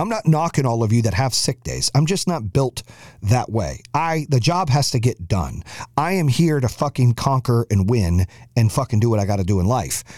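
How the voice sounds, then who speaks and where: A man's voice: medium pitch, darkish tone, no room sound, studio quality. A middle-aged man hosting his own podcast, ranting bluntly and profanely in a driven, motivational way. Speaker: podcast host. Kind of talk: solo podcast monologue.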